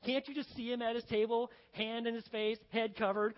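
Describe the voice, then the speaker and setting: A man's voice: very high-pitched, little pitch movement, brisk. A male pastor preaching a sermon in a conversational, storytelling way, acting out the scenes he describes. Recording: dull sound with long reverb.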